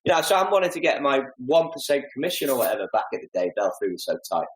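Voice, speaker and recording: Lively man telling golf stories. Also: medium pitch, quick pace, echoey room, poor audio. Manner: animated, self-deprecating anecdotes with lively acted-out asides. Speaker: podcast guest, golf club fitter. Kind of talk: casual storytelling interview.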